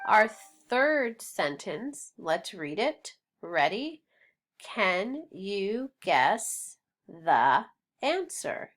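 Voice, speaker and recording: A woman teaching a phonics lesson, sounding out words slowly and deliberately. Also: mid-range voice, a bit bright.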